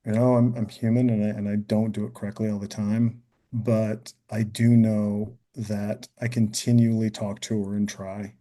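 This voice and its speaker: An earnest man sits in as a podcast guest and reflects aloud in a relaxed, conversational way. His voice sits on the low side with a warm, very dark timbre. He often checks in with little "you know" and "right?" asides. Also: normal speed.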